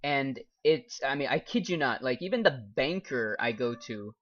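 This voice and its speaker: A man's voice: mid-range voice, lively intonation, moderate pace, a bit bright. A young man, a game streamer and English teacher, chatting casually and reading viewer comments aloud with frequent laughs. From United States. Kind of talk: casual live-stream chat while gaming. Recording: dull lo-fi stream audio.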